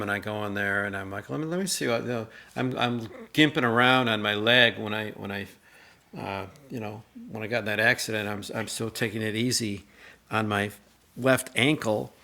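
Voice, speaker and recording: A middle-aged man with a lowish voice co-hosts a casual chat with his mother. He tells rambling, animated stories and mimics the voices of the people in them.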